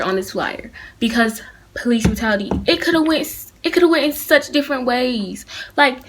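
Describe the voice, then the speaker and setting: A woman's voice: medium pitch, a little hiss or hum. A teenage girl with a lilt, talking straight into her phone camera for a casual opinion vlog. Her delivery is earnest and heated, and it stays direct and personal as she addresses her viewers. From Atlanta, United States. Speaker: vlogger.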